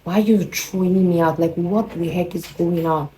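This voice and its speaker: A woman's voice: fairly low pitch, steady tone, normal speed, noisy background, lightly acted. A Nigerian woman quoting her suspicious friend. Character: suspicious young female friend.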